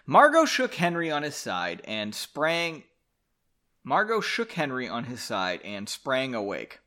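Reading his own novel aloud on his podcast, a man drinks as he goes and breaks in with sarcastic, profane, self-mocking asides for comic effect. His medium-pitched voice swoops wildly, with a measured pace and a bright, forceful tone.

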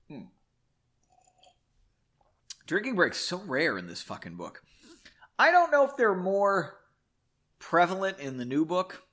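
A man's voice: medium pitch, big pitch swings, measured pace, pushed and bright. A man reading his own novel aloud as a show host, breaking off for chatty, irreverent asides and casual swearing. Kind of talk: book reading mixed with offhand commentary.

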